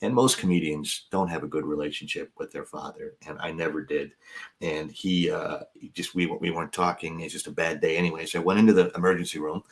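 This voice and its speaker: A man's voice: extremely low pitch, steady tone, brisk. A man in his fifties, a comedian and podcast co-host, telling a personal story in a jokey, self-deprecating way and acting out other people's lines. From United States. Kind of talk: casual storytelling chat.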